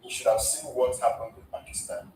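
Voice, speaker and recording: A man's voice: medium pitch, level tone, a little fast, a little mellow, slight background noise. A man, hosting a casual discussion, asking questions and summing up his guest's points. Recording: echoey room, far from the mic.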